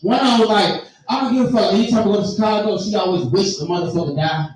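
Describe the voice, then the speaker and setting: High-voiced man doing raunchy stand-up. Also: racing. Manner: animated, profane, laughing through his own stories. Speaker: stand-up comedian. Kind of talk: stand-up comedy storytelling. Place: live comedy venue on stage. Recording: echoey venue, distant mic, crowd noise. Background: audience reacting.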